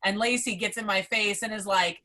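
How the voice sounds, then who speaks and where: A young adult woman, a podcast guest, telling a story in a casual, excitable way, swearing often and filling her talk with "like". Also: mid-range voice, normal speed. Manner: excitable, profane, heavy use of "like".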